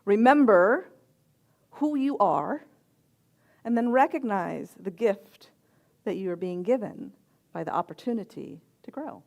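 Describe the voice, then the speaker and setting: Gentle reflective woman preacher. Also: medium pitch, expressive, vocal fry. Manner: gentle, reflective, with soft pauses. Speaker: reverend and chaplain. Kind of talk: sermon with personal stories.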